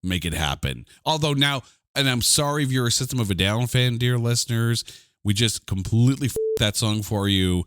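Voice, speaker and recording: A man's voice: mid-range voice, moderate pace, clear, resonant tone, no echo, clean studio sound. A man co-hosting a podcast, chatting casually and animatedly about music. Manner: chatty and animated, with frequent "like" fillers. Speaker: podcast co-host.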